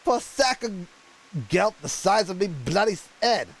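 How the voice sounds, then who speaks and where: A man voicing a gruff, hard-drinking male gunsmith instructor in a put-on rough British accent, reading game dialogue aloud and stumbling over words. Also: high-pitched, big pitch swings, moderate pace, exaggerated voice, rough recording. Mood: grumbling. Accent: put-on rough British-style.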